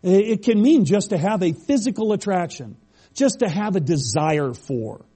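Animated, husky-voiced preaching man. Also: high-pitched, normal speed. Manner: conversational preaching with scripture readings. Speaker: pastor. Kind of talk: sermon.

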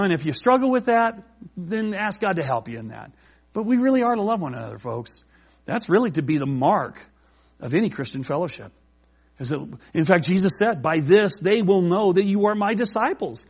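Male pastor, slightly raised pitch; casual sermon delivery with fillers and restarts, scripture read slowly. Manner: conversational preaching with frequent fillers and restarts; slows down to read scripture aloud.

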